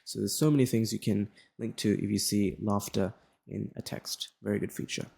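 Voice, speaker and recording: A man's voice: lowish voice, steady tone, normal speed, creaky, darkish tone, slightly rough. A young Australian man with a general Australian accent, explaining a lesson as a tutor in a casual, rambling way with many fillers and restarts.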